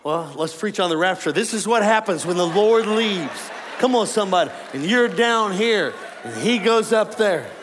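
High-pitched guy preaching, lively and jokey, big reverby church hall with a faint room hum. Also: normal speed, few pauses. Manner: animated, joking, laughing with congregation. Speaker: pastor. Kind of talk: sermon. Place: large church auditorium.

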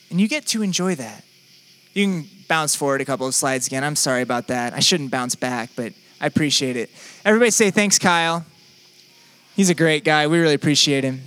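A man's voice: fairly high pitch, bright, forceful tone. A young man preaching a sermon in a conversational, playful, self-deprecating way. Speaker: pastor.

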